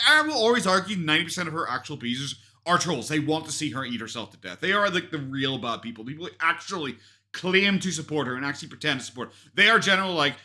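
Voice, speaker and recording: A man's voice: fairly high pitch, pushed and bright. A man doing mocking reaction commentary into a desk microphone, swearing and laughing often. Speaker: commentary youtuber reacting to a vlog. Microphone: desk USB microphone.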